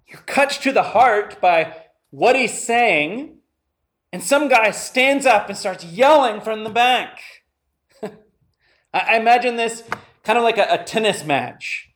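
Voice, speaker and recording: A man's voice: high-pitched, a bit bright. A man preaching a sermon to his congregation, earnestly asking them questions and reading scripture. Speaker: pastor.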